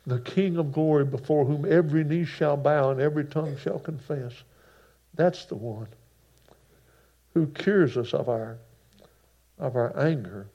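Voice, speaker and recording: A man preaching a sermon, folksy and emphatic, moving between hushed passages and loud bursts. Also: a little high. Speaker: pastor. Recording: dull lo-fi sound.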